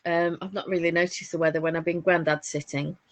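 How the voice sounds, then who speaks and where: A podcast co-host with a Northern English accent tells family stories in a casual crafting chat, chatty and warm, with frequent laughs. Her voice is on the low side and fairly even in intonation, and she talks fast. The recording is dry.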